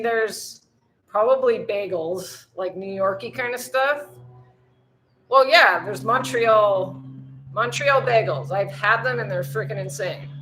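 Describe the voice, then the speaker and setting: A woman's voice: medium pitch, fairly bright tone, slight background noise. A woman from the United States hosting a casual livestream, chatting with viewers and answering their comments. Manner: chatty, swears lightly, reads and answers comments. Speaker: livestream host. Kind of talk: casual live chat with viewers. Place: outdoors in bright sun.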